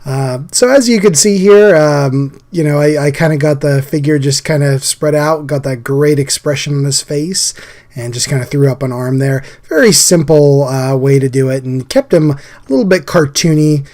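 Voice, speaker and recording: A man hosting a casual drawing chat, his voice scratchy and hoarse from a recent illness, talking in an easygoing, chatty way. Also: fairly high pitch, normal speed, darkish tone. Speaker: host.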